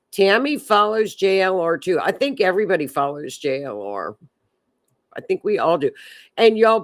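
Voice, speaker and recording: A woman hosting a live stream, chatting in a rambling way and reading viewer comments aloud. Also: low voice. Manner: chatty, rambling, repeats words. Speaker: livestream host.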